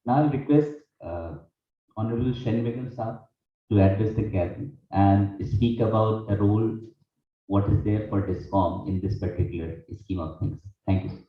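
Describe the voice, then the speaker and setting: A man's voice: on the low side, moderate pace. A man moderating a conference, making polite formal introductions. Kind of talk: formal event hosting. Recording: distant echoey dull hall mic.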